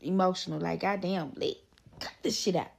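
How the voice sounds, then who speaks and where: A woman's voice: lowish voice, fairly even intonation, normal speed, gravelly. Fed-up, profane woman telling a story. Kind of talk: casual storytime.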